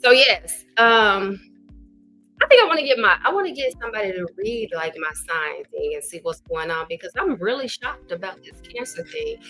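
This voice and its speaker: A woman from Arkansas hosting a casual livestream, chatting with viewers and reading their comments aloud in a folksy, animated way. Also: medium pitch, normal speed, faint music behind. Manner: animated, folksy, says y'all. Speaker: livestream host.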